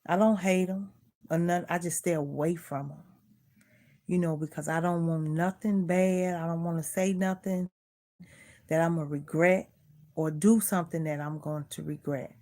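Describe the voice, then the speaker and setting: A woman's voice: fairly low pitch, fairly even intonation, moderate pace, dark tone. A middle-aged woman vlogger in casual chat, earnestly preaching life advice and repeating herself.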